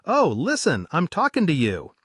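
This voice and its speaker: A man voicing a drunk, aggressive English hooligan who shouts and menaces, with a husky voice. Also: fairly high pitch, huge pitch swings, normal speed, no room sound, clean studio sound, exaggerated voice. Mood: shouting.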